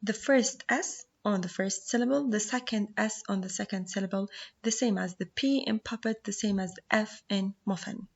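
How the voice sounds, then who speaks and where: A woman whose first language is Arabic teaches a phonics lesson in a mid-range voice, explaining slowly and sounding out words syllable by syllable. The recording's highs are cut off.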